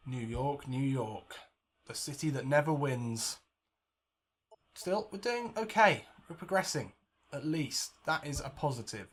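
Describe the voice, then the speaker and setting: A man commentating his own football video game match like a broadcaster, jokey and prone to excited outbursts and swearing. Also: on the high side, slight background noise. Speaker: let's play gamer. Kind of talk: mock football commentary over gameplay.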